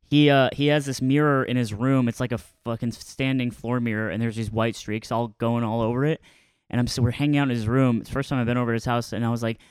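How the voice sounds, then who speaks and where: A man's voice: medium pitch, steady tone, a little fast, darkish tone, clear, resonant tone, no echo, clean studio sound. A man co-hosting a podcast, telling stories in casual chat and laughing often. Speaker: podcast co-host.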